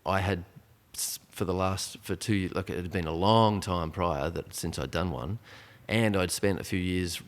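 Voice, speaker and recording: A man's voice: low voice, normal speed, few pauses. A man around forty, a podcast guest telling a personal story in a rambling, casual way, full of restarts and fillers.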